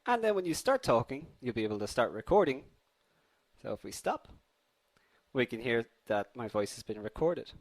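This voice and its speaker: A man's voice: medium pitch, big pitch swings, moderate pace. A young man hosting a live online coding tutorial, upbeat and chatty, addressing viewers as guys while a slight cold affects his voice.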